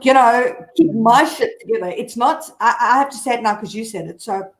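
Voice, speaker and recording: A woman's voice: a little high, brisk, very noisy. A woman blogger as a guest on a casual live video chat, talking candidly in a rambling way with many fillers. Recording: echoey room.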